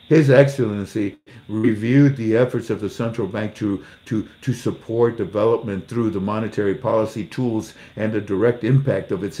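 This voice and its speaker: In a warm, lowish voice, a man reads news articles aloud and mocks them in casual commentary, using sarcastic jokes and acted-out little dialogues. He laughs at his own jokes.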